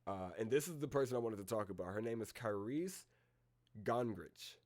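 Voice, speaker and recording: His voice sits on the low side, animated and a little mellow. He's hosting a casual live-stream reaction, rambling in slang and calling his listeners bro as he reads down a list of names with filler pauses.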